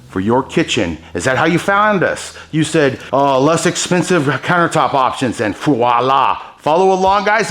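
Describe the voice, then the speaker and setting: A man hosting a hands-on epoxy tutorial, talking straight to his viewers, excited by his own results and handing out pro tips as he works. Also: on the high side. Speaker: host demonstrating epoxy countertop techniques.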